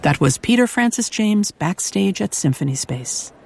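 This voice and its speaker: A woman presenting a radio program in measured, scripted commentary. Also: mid-range voice, animated, gravelly, darkish tone, husky. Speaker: radio host.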